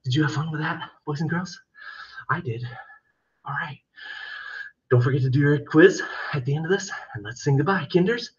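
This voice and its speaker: A man teaching music to young children, chanting and singing a playful story in an animated, sing-song way. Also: a little high, moderate pace, pauses often, echoey room, far from the mic, muffled recording. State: out of breath.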